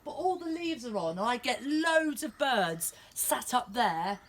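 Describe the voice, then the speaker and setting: A woman leading a lively outdoor nature lesson for young children in a small back garden, speaking straight to them in a sing-song way. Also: a little high, takes it slowly. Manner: animated, sing-song, talks directly to kids.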